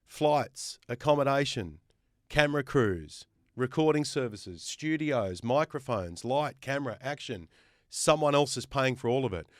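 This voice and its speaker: A man with an Australian accent talks in a casual podcast chat. He makes his case with firm emphasis and stacks up lists of examples. His voice is smooth and resonant, and the recording is close and dry. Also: mid-range voice, expressive, measured pace, no echo. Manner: emphatic, builds points with lists. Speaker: guest host.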